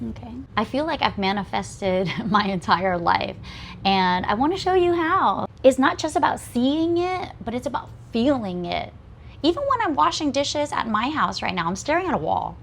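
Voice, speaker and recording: A woman in her thirties talking casually in a home vlog, chatty and excitable, laughing often. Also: a little high, moderate pace, gravelly, a little hiss or hum. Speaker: vlogger. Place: home and garden.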